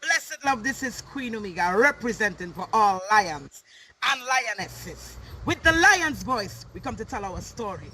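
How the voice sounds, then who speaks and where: A woman giving a soft, lilting shout-out for the station. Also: on the high side, lively intonation, measured pace, slight background noise, low-quality recording.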